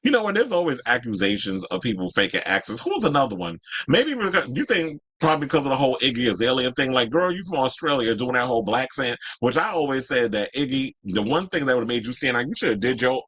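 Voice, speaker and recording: A man from Georgia, hosting a casual entertainment commentary show and reading viewer comments, chatty and quick to laugh. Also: medium pitch. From Georgia, USA. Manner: animated, chatty, laughs often, slangy asides. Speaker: host.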